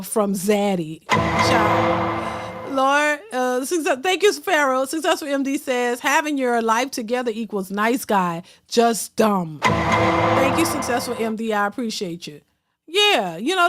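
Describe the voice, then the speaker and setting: Brief: high-voiced woman livestream host, blunt, slangy, laughs a lot. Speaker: livestream host reading super chats. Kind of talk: casual livestream commentary.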